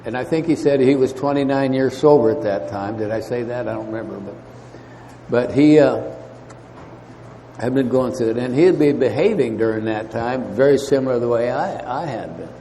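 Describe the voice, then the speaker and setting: A man telling his recovery story at a meeting, halting, with many fillers and restarts. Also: mid-range voice, mellow. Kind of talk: storytelling talk. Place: meeting hall. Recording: faint noise, long hall reverb.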